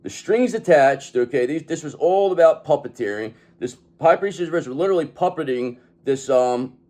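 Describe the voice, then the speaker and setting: A man reads tarot cards in a lively, swooping voice that sits a little high for a man. He talks emphatically and swears freely, and he keeps checking in with "okay?". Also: normal speed. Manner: emphatic, profane, repeats "okay?". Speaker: tarot reader. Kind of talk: tarot reading monologue.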